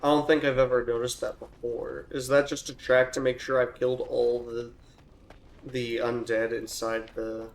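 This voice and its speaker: A young man casually commenting on his own gameplay, thinking out loud with restarts, and turning loud and excitable during fights. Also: medium pitch, normal speed, creaky. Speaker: let's play gamer.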